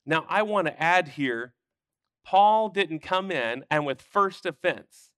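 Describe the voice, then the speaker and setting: A man's voice: on the high side, lively intonation, takes it slowly, fairly bright tone, clean tone, dry recording, studio quality. A man teaching a Sunday school Bible lesson, explaining scripture with emphatic bursts.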